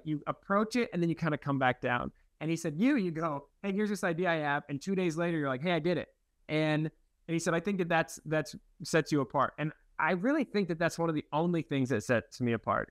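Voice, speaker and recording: A young man, a guest in an interview, telling stories in a relaxed, rambling and self-deprecating way, laughing now and then. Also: fairly high pitch, no echo. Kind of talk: casual interview storytelling.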